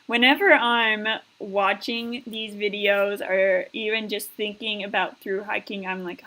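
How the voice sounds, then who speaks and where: A woman's voice: medium pitch, steady tone, a little slow, hardly any pauses, pushed and bright, rough recording. An American woman hosting a live stream, chatting in a heartfelt way with lots of fillers, thanking viewers and reading the chat aloud. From United States.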